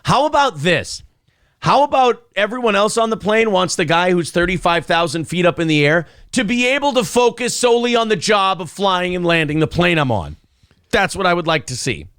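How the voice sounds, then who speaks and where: Male morning show host, slightly high voice, sarcastic, animated, dry close studio sound. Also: normal speed, smooth, no echo. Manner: animated, sarcastic, laughs often. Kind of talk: casual streamed talk show banter.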